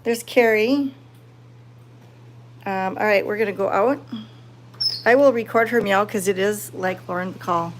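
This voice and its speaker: A woman live-streaming from a cat sanctuary, chatting casually with viewers and cooing softly at the cats. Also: medium pitch, unhurried, pauses often, slight background noise. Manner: soft-spoken, cooing baby talk to cats. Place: indoor cat room at a sanctuary.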